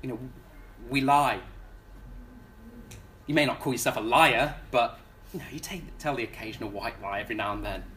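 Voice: medium pitch, normal speed, pauses often, fairly bright tone, slight background noise. A preacher delivering a sermon in a casual, conversational way, often repeating words and putting questions to the congregation.

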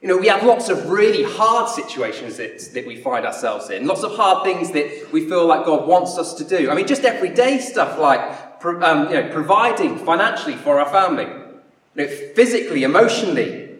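A man's voice: fairly high pitch, big pitch swings, moderate pace, a bit bright. A man preaching a sermon in a conversational, storytelling way, often acting out the people in his story. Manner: conversational, storytelling with acted-out voices. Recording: echoey hall, from a distance.

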